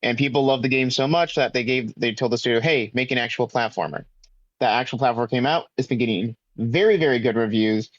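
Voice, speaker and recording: A laid-back man co-hosting a podcast, his voice at a middle pitch. He thinks aloud, with lots of "uh" and "like". The sound is dull and lo-fi, and dry. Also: brisk, no room sound. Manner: relaxed, thinks aloud with many fillers. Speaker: podcast co-host. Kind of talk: casual chat.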